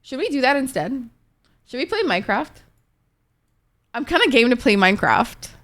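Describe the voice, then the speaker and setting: A woman's voice: sits high, sing-song, normal speed, fairly bright tone. A woman streaming live and chatting casually with her viewers, rambling laid-back and swearing freely as she answers chat messages. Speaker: Twitch streamer.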